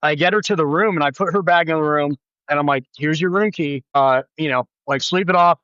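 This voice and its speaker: A man in his thirties talks in a fairly high voice, spinning a story in loose, casual chat. His voice leaps up when he acts out what others said. It comes through a remote mic, a little dull and dry. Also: a little fast, smooth, no room sound. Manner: animated, acts out quoted voices with big pitch jumps. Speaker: podcast guest.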